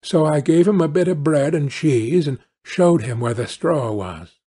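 A man's voice: a little high, a little slow, dark tone, slightly rough. A man reading a storybook, voicing a nervous miller's wife in a raised, pleading tone.

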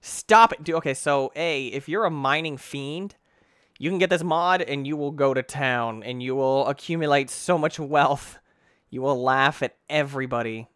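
A young man giving excitable let's play commentary, talking to himself, exclaiming and using mild cursing substitutes. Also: mid-range voice, normal speed, smooth, dry recording, studio quality. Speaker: gaming YouTuber.

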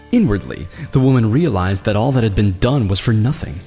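Male storyteller with lively intonation. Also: on the low side, brisk, few pauses. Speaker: narrator. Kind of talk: scripted story narration. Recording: long reverb with soft music.

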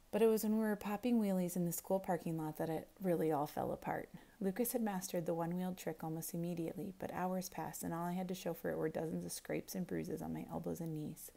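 A woman teacher reading a novel aloud, expressive, quiet and intense. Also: fairly low pitch, gravelly.

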